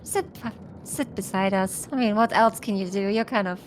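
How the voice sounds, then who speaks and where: A woman's voice: mid-range voice, normal speed, slight background noise. A woman playing a tabletop game who talks back in a cheeky, sassy way. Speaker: player. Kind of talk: tabletop game role-play.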